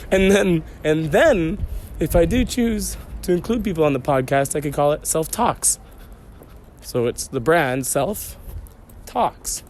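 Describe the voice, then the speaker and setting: A fairly high-voiced man chats to himself in a loose, joking way as he walks through city streets. Faint traffic and street noise sit behind him. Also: darkish tone. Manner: playful, joking self-talk with digressions. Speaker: podcast host. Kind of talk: rambling solo podcast while walking. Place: outdoors on city streets by canals.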